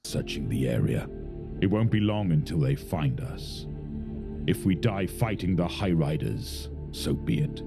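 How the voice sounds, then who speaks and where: Grim gladiator leader in an animated story , played by a man, deep and gravelly over clear music. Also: unhurried, full character voice. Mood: grim resolute. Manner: gravelly, resolute. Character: grim defiant male gladiator leader, hardened. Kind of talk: animated narrative voice acting.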